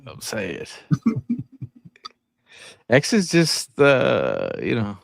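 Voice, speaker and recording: A man's voice: mid-range voice, huge pitch swings, drawn-out words, gravelly, dry recording, clean studio sound. A man hosting a live sports talk stream, chatting casually and reading out viewer comments. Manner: laid-back, reads out chat comments. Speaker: podcast host. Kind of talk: casual chat.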